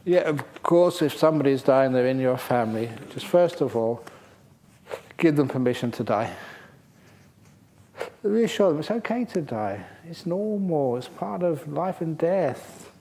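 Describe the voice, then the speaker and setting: A man's voice: on the high side, unhurried, a little hiss or hum. A man, a Buddhist monk teacher, giving a dharma talk and answering questions, playful and humorous as he tells stories. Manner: lively storyteller, playful and humorous. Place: retreat centre hall.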